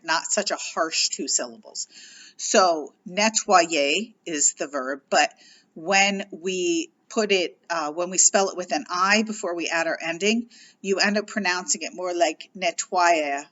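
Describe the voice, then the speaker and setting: A woman's voice: fairly low pitch, bright, forceful tone, lo-fi sound. A woman teacher explaining grammar patiently in a recorded lesson, spelling out letters as she goes. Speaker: French teacher.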